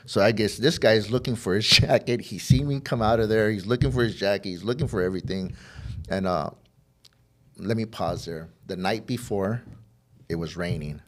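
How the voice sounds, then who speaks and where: At a moderate pace and with a fairly bright tone, a middle-aged man with a very low, deep voice narrates his personal journey through addiction and recovery as a podcast guest. He meanders, doubles back, repeats words, and dramatizes remembered conversations in the quoted lines.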